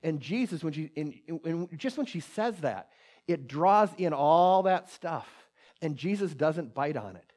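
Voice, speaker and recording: A man's voice: a little high, expressive, a little slow. Conversational preacher man telling a story. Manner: conversational, many restarts, drops to a hushed voice for quoted prayer. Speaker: pastor. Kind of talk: sermon with personal story.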